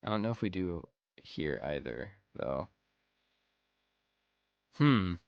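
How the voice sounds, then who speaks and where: A man's voice: sits low, sing-song, takes it slowly, clear, resonant tone, no room sound, muffled recording. A man giving casual let's-play commentary, rambling and thinking aloud as he plays. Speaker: gameplay commentator.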